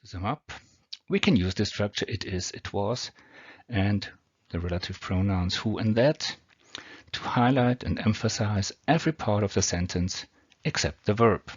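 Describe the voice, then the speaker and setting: A man's voice: fairly low pitch, normal speed, breathy edge, no room sound. Man with a foreign accent teaching grammar. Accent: non-native English accent. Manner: patient, step-by-step explanation. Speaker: English teacher. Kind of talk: explaining grammar over slides. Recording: dull lo-fi homemade audio.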